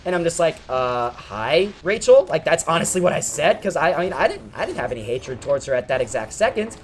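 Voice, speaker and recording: A man's voice: a little high, fast talker, slight background noise. A young man, a gaming channel host, telling a long, rambling story over gameplay and often getting sidetracked. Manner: rambling, animated, easily sidetracked.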